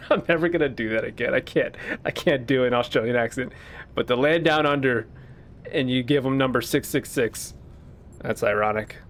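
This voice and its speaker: A man's voice: medium pitch, slight background noise. A man casually commentating a video game playthrough, musing and joking at himself. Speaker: gaming YouTuber. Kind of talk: let's play commentary.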